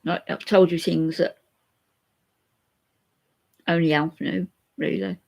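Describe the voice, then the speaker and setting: A woman's voice: on the low side, fairly even intonation, slow, vocal fry, a little mellow. An older woman, chatting openly to viewers in a rambling way and reading out their comments. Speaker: vlogger chatting to live viewers. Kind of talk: emotional live chat.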